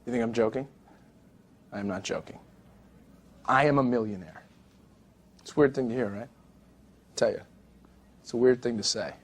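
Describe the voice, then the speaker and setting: A man's voice: normal speed, pauses often, natural voice. An actor in his twenties playing a brash, profane young stockbroker boss in a film monologue. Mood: boastful. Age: 20s. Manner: brash, profane recruiting pitch. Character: cocky young rich male broker, swaggering.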